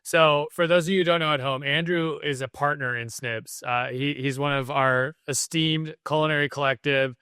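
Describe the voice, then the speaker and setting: A man's voice: fairly high pitch, steady tone, moderate pace, few pauses, pushed and bright, clear, resonant tone, no room sound, studio quality. A man hosting an interview podcast, talking in an earnest, reflective way. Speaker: podcast host. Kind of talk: casual interview chat.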